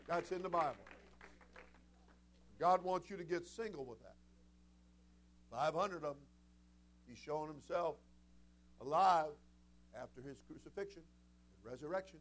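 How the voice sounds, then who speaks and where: A man, the senior pastor, preaching a sermon with animated delivery that climbs into shouted passages and acts out bits of the stories. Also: fairly high pitch, a little slow, long pauses.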